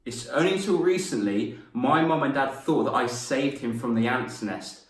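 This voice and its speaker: A young man, a confidence coach and former teacher, telling stories in a lively lesson to camera and acting out voices as he goes. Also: medium pitch, normal speed, recorded from a distance. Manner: animated, laughs at his own stories, acts out voices. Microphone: camera mic. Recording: roomy echo, mic set back.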